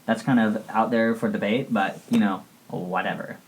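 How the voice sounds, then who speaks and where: A woman's voice: extremely low pitch, fairly even intonation, normal speed, husky, exaggerated voice, poor audio. Ditzy valley-girl teen student, as a woman plays her, bubbly, rambling, comedic sketch lesson. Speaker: student giving a history report.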